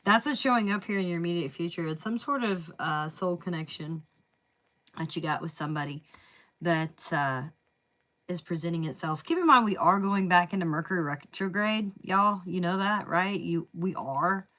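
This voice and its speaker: A woman's voice: on the low side, normal speed, bright, forceful tone. A woman with a Southern US accent giving a casual tarot reading, chatty and thinking aloud, saying "y'all" and "man". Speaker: tarot reader.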